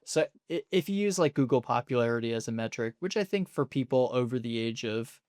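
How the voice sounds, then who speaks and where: A man's voice: medium pitch, lively intonation, a little fast, a little mellow, dry recording, studio quality. Analytical young man hosting a podcast. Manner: thoughtful, analytical, laughs often. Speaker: podcast host. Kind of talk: casual conversation.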